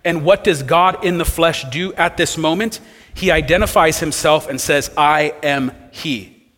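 Male pastor with a slightly raised pitch, expository sermon, rhetorical questions, long hall echo. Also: unhurried, fairly bright tone.

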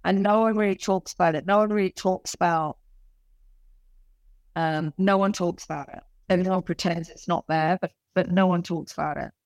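A woman's voice: fairly low pitch, moderate pace, dry recording. London woman pushing sixty, chatty and self-mocking, dry close sound. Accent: London English. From London, England. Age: late 50s. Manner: chatty, animated, self-mocking, many restarts. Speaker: guest author and performer. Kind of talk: casual interview chat.

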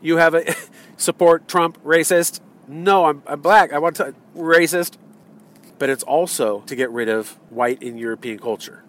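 Male vlogger, slightly high voice, heated rambling rant, recording from a car. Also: a little slow, a bit bright. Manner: heated, rambling, with many fillers and restarts. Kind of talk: ranting political monologue. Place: in a car in traffic.

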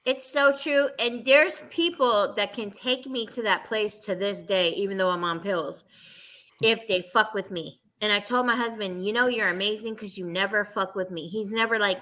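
A woman's voice: medium pitch, moderate pace, pushed and bright, poor audio. A woman speaking frankly and emphatically in a casual chat, swearing and repeating words for emphasis.

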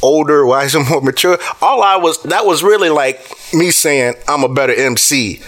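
A middle-aged man with a bright, crisp, fairly high voice looks back on old times in a relaxed talk. He laughs easily and answers with a steady run of agreement. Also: moderate pace. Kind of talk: casual reminiscing chat.

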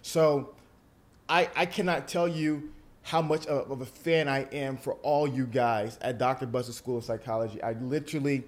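A young man hosting a podcast, talking in an animated, emphatic way and often repeating words as he builds up a point. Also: medium pitch, moderate pace. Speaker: podcast host. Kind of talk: casual podcast conversation.

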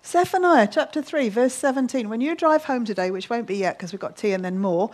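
A woman teaching at a church meeting, lively and animated, laughing easily and sinking to a soft hush when she prays. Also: fairly high pitch, normal speed, few pauses. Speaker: Bible teacher. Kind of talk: sermon with closing prayer.

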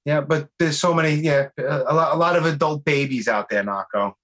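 A man's voice: on the high side, fairly quick, fairly bright tone. A man with a Brooklyn accent hosting a podcast, chatting loosely, swearing casually and going off on tangents. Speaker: podcast host. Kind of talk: casual chat.

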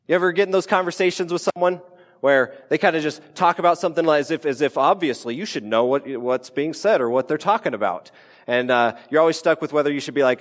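A man's voice: a little high, animated, fast talker. Guy pastor giving a sermon, casual and jokey, acts out little quotes, big church reverb. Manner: conversational, playful asides, acts out quotes. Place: church sanctuary. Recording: church hall with long reverb.

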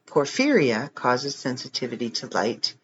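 Male reader, casual, wry asides, animated pitch, slightly muffled home recording. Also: unhurried, a little hiss or hum. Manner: joking, reads text then adds wry comments. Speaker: reader of online articles. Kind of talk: casual reading aloud with asides.

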